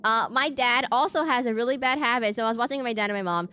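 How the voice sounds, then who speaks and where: Chatty higher-voiced woman streamer. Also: fast talker, sharp tone, smooth. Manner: rambling, chatty, many restarts. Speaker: VTuber streamer. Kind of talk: casual live-stream chat.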